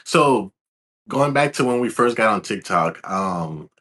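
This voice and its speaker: A laid-back young man from Louisiana, answering interview questions as a guest in a calm, soft-spoken way. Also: fairly low pitch, measured pace. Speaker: guest, videographer.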